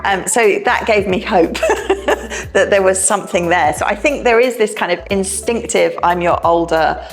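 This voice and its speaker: A woman's voice: medium pitch, moderate pace, faint music behind. A middle-aged woman talking informally to parents, sharing home stories, with many fillers and restarts. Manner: chatty and warm-hearted, with many fillers and restarts. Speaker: education director speaking to parents. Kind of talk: informal talk to parents, personal anecdotes.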